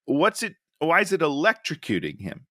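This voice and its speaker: A man's voice: on the high side, normal speed, no room sound, clean studio sound. A man co-hosting a casual comedic movie review podcast, ranting in disbelief and laughing often. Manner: animated, incredulous ranting with frequent laughs. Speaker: podcast co-host.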